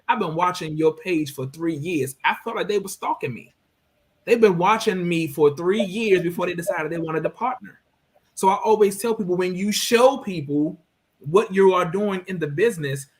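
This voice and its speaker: Male panel co-host, slightly high pitch, preachy and punchy delivery. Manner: emphatic, preachy, rhetorical questions. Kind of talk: business panel discussion.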